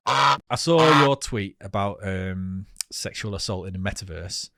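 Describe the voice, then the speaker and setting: A man's voice: sits low, lively intonation, measured pace, creaky, very noisy. A man co-hosting a podcast in casual chat, teasing his partner and laughing often. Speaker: podcast co-host.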